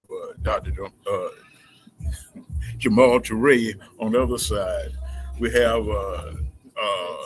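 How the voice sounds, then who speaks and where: A man's voice: mid-range voice, fairly bright tone, low-quality recording. A man hosts a community talk show in a mid-range voice, stopping often to search for words. He laughs easily between phrases. There is a faint hum of background noise behind him. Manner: hesitant, many uh fillers, laughs easily. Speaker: host.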